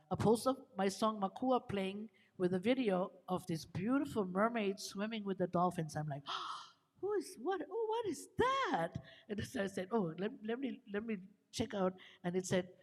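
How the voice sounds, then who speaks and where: A middle-aged woman from Hawaii, a musician telling chatty, laughing stories to a live audience. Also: mid-range voice. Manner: chatty, laughing, lively quoted asides. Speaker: musician and storyteller. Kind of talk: casual storytelling to a live audience. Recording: long reverb in a live venue.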